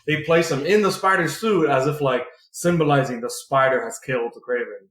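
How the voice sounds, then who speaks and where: A man's voice: medium pitch, fairly quick, fairly bright tone. A man co-hosting a podcast, recapping a comic in a rambling, filler-heavy way and swearing freely. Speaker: podcast co-host. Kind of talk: casual comic book recap. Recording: roomy echoey room.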